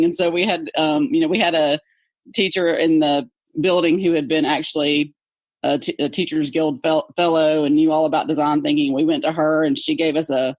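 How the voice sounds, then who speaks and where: A woman with a Southern accent, an English teacher chatting in an interview, talkative and quick to laugh. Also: sits low, steady tone, a little mellow, no echo. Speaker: English teacher, podcast co-host guest. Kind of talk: casual interview chat.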